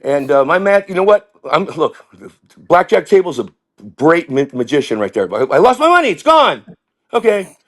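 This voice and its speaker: A middle-aged man, a comedian, telling rambling stories in an animated way and dropping into voices. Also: a little high, moderate pace. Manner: rambling, jumps into impressions and character voices. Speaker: comedian guest.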